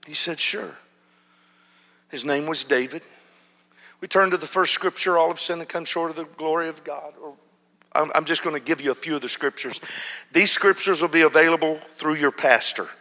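A male pastor telling a story in a sermon, animated, acting out shouts and whispers. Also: a little high, moderate pace. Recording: long hall reverb.

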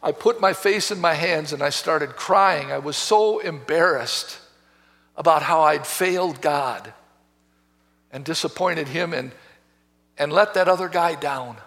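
A man preaching a sermon as pastor, telling a story with passion, swinging between hushed and loud. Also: a little high, a little slow, vocal fry. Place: church sanctuary. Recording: reverberant church hall.

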